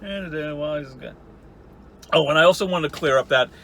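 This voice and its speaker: A man's voice: on the high side, normal speed, gravelly, a bit bright, slight background noise. A man in his forties giving a sarcastic, profane ranting commentary as a YouTube commentator. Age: 40s.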